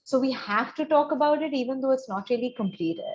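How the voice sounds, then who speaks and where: A woman's voice: sits high, fairly quick, a little mellow. A woman counseling a student on an admissions essay over a video call, in a reflective way that builds on vivid example stories. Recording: dull, lo-fi video call audio.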